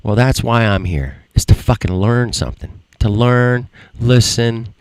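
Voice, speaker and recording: Gravelly, profane livestream host ranting. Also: male voice, medium pitch, unhurried, darkish tone, no room sound. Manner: profane, rambling, bitter. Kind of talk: frustrated rant.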